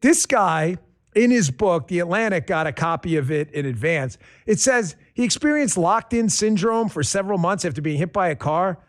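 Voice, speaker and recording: A male host delivering a sarcastic political monologue. His voice sits high and swings widely, rising and dropping as he riffs. He talks in a loose, animated way, mixing jokes with argument. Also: normal speed.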